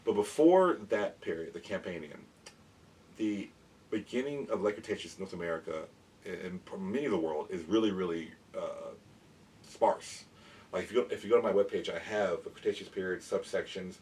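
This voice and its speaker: A man eagerly explaining dinosaurs in a casual show-and-tell, rambling with quick restarts as he holds up figures. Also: low-pitched, a little mellow. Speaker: dinosaur educator and toy collector. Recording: mic at a distance, faint background noise.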